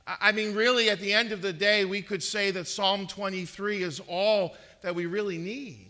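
High, bright-voiced earnest male preacher. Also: steady tone, moderate pace. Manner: earnest preaching with swelling emphasis and repeated words. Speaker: pastor. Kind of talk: sermon.

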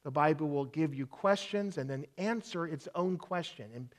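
Slightly high-voiced male pastor preaching. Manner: earnest teaching with rhetorical questions and slow emphatic repeats. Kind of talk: sermon.

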